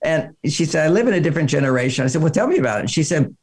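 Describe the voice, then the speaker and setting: A man's voice: fairly high pitch, rapid-fire. An older man, an author being interviewed, telling stories and acting out the voices of people he quotes. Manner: animated storyteller, acts out quoted voices. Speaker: author guest. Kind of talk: interview conversation.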